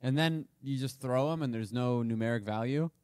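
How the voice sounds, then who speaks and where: A man's voice: medium pitch, moderate pace, darkish tone, clean tone, dry recording. A man co-hosting a casual comedic history podcast, laid-back, chiming in with dry quips and short agreements. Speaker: podcast co-host.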